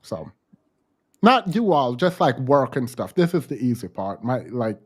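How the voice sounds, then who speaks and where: A man's voice: mid-range voice, big pitch swings, unhurried, husky. A man hosting a casual podcast chat, talking in a hesitant way with many ums and restarts. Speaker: host.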